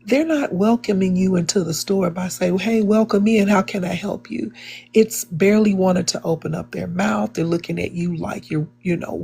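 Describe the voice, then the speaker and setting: Gravelly, husky woman. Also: medium pitch, darkish tone. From Chicago, USA. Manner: earnest, many fillers and restarts. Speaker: debate participant. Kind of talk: live online debate, personal storytelling.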